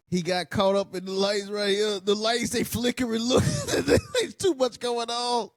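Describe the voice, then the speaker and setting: A man hosting a film reaction video, talking over the scenes, swearing freely and bursting into loud laughter. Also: high-pitched, big pitch swings, slow pace, gravelly, no echo, clean studio sound. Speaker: channel host.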